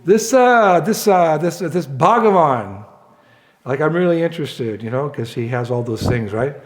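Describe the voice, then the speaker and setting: A man's voice: on the high side, normal speed, lightly acted. A man doing an eager, blunt thief. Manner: excitable, blunt, shouts when frustrated. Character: eager simple-minded male thief from Bihar.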